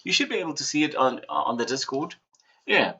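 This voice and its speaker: A man's voice: medium pitch, big pitch swings, brisk, bright, forceful tone, husky, highs cut off. A man from Africa, hosting a casual livestream from home, rambling and chuckling with theatrical flourishes. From southern Africa. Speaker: livestream host.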